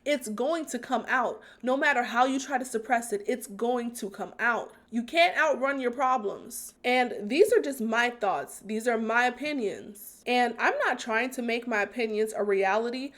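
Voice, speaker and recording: Female commentary host, a bit high, earnest and emphatic analysis. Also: moderate pace, few pauses, a bit bright. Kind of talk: scripted commentary.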